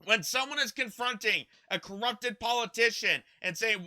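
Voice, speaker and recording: Brief: indignant young male commentator, high and very bright, fired-up rant. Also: animated, moderate pace. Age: young adult. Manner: impassioned, indignant, repeats himself. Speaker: political commentary host. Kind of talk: ranting political commentary.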